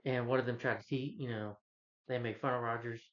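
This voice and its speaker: A man's voice: medium pitch, fairly even intonation, fairly quick, highs cut off. Man rambling through a movie recap. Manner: rambling, loose retelling with restarts; earnest, heartfelt asides. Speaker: movie reviewer. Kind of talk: casual plot recap.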